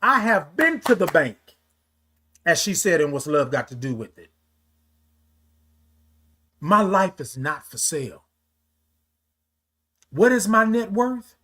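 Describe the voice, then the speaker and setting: High-voiced man giving a motivational livestream. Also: sing-song, slow pace, long pauses, fairly bright tone. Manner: preachy, talks straight to viewers, greets commenters. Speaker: livestream host. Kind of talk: casual motivational livestream talk.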